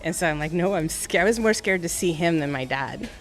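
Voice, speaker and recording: A woman in her forties, working as a barber, tells personal stories in a relaxed interview and acts out the voices of the people in them. Her voice sits a little low. Faint music plays softly behind her in the barbershop. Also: quick pace. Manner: animated storyteller acting out quoted voices. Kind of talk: casual storytelling interview.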